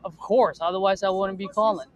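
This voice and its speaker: Jittery high-voiced man making sales calls. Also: steady tone, poor audio. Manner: jittery, fast and wired from espresso; friendly, persuasive sales pitch. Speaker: real estate wholesaler cold-calling sellers. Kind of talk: casual vlog and sales call.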